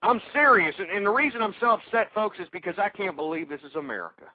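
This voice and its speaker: A man's voice: high-pitched, animated, fast talker, no echo. A man hosting a call-in talk radio show, ranting angrily at his listeners, insulting them and stammering through restarts. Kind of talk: angry political talk radio rant. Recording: tinny phone-like radio audio.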